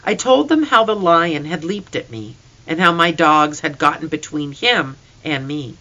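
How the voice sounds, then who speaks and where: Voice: medium pitch, animated, a little slow, bright, forceful tone, dull audio. A reader narrating a storybook in first person with an earnest, emotional delivery.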